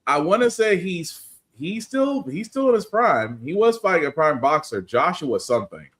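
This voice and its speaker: A man's voice: a little high, moderate pace. Podcast guy, voice jumps all over, rambles and restarts a lot. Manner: lively, laughing asides, rambling restarts. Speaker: podcast co-host. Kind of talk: casual chat.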